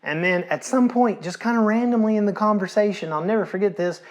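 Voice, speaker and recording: A man, a pastor preaching a sermon in a relaxed, storytelling way, repeating phrases and dropping in casual asides. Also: high voice, a little fast.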